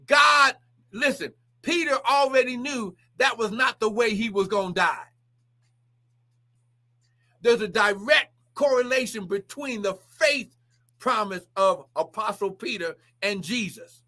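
A man preaches fervently on a livestream, his voice high, bright and forceful. He keeps breaking into exclamations and repeats key phrases.

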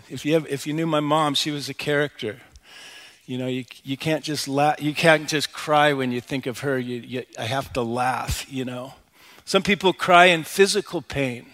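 A middle-aged male pastor delivers a sermon in a relaxed, conversational way, often tossing in "you know" as he talks. His voice sits a little above the usual male pitch. He sounds like he is speaking from a church sanctuary. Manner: conversational and personal, frequent "you know" asides.

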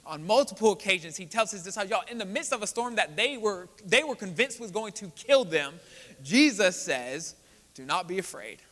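A man's voice: high-pitched, lively intonation, moderate pace, a bit bright. A man preaching a sermon as pastor, earnest and building to emphatic delivery. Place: church sanctuary. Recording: church hall with long reverb.

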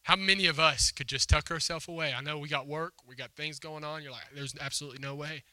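A man's voice: on the high side, steady tone, fast, sharp tone, dry recording. A man preaching a sermon as a pastor, telling a story in a conversational, emphatic way and acting out the quotes. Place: church hall before a congregation.

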